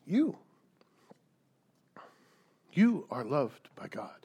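A man's voice: mid-range voice, animated, normal speed. A man preaching a sermon, emphatic, asking rhetorical questions and repeating key words. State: coughing, dry throat. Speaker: pastor.

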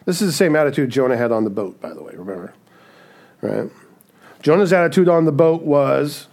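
A man's voice: mid-range voice, animated, normal speed, gravelly, a little mellow. A man preaching a sermon in a conversational way, often asking "right?" and acting out the voices he quotes. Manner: acts out quoted voices in asides. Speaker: pastor.

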